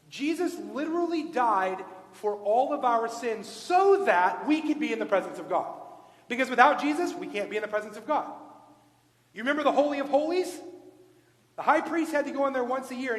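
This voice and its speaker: A man preaching a sermon in a church sanctuary, asking the congregation questions and swinging from loud emphatic points to hushed asides. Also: extremely high pitch, lively intonation, normal speed. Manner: asks the congregation rhetorical questions. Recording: echoey church hall, long reverb.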